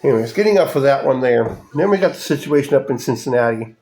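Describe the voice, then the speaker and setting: A man's voice: medium pitch, expressive, quick pace, a little mellow. A man hosting a podcast, ranting angrily with heavy swearing and mocking voices. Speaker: podcast host. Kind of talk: profane ranting monologue.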